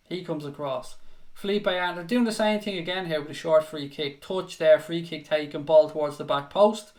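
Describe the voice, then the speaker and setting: A man hosting a live football watchalong, commentating in a frustrated, sweary way with bursts of shouting. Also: on the high side. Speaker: watchalong host. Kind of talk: live fan reaction commentary.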